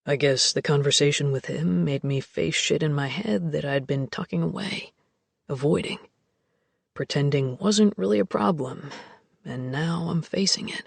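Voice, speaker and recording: A man voicing a troubled young man who opens up softly, with a deep, raspy voice in audiobook dialogue. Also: moderate pace, no room sound. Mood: quiet, confiding.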